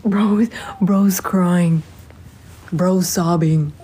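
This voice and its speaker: A woman in her twenties, around twenty, live streams from home, holding her phone at arm's length as she chats casually, reads viewer comments aloud and sings bits of a song. Her voice is on the low side, a little mellow and measured, with slight background noise.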